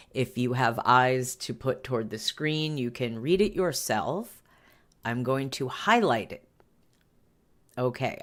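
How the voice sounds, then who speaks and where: Deep-voiced woman going through an article slowly, lots of wry asides, stops and restarts. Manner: wry asides and frequent self-interruptions. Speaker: commentary host reading an article. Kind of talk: casual commentary on a news article.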